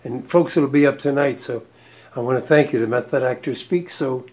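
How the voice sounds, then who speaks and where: A man's voice: medium pitch, brisk, darkish tone. Easygoing rambling man host. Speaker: talk show host. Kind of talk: casual chat.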